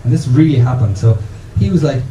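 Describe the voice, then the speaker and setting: A man's voice: mid-range voice, expressive, brisk, dark tone, echoey room, a little hiss or hum, rough recording. An Irish man in his thirties doing a rambling, self-interrupting stand-up comedy set in a small bar venue. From Ireland.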